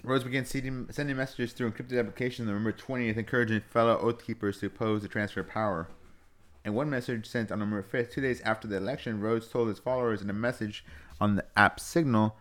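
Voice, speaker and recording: A man's voice: lowish voice, steady tone, fast talker, a bit bright. A young man co-hosting a casual podcast, reading news aloud with jokey asides. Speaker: podcast co-host.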